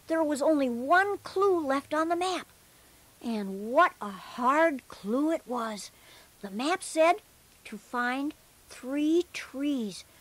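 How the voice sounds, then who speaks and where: A high-voiced bear storyteller. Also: male voice, no room sound, heavily acted. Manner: gentle, earnest. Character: cheerful young male bear storyteller. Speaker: narrator. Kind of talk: children's storybook narration.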